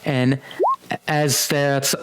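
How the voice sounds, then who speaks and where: A man's voice: medium pitch, little pitch movement, extremely slow, noisy background. A man running a tabletop game as game master, narrating in a laid-back way with lots of fillers.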